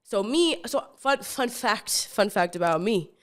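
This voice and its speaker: A woman's voice: mid-range voice, expressive, a little slow, a bit bright. A young woman hosting a podcast who tells a story in a casual monologue. She talks breathlessly, fills her speech with "like" and repeated words, and swears freely. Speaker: podcast host.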